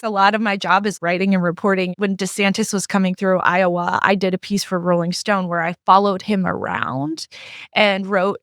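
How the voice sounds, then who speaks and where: A woman's voice: medium pitch, fairly bright tone, no echo. Candid, storytelling woman, dry sound. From not from the Midwest. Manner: candid storyteller who acts out quoted exchanges. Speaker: guest writer and journalist. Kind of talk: casual podcast conversation.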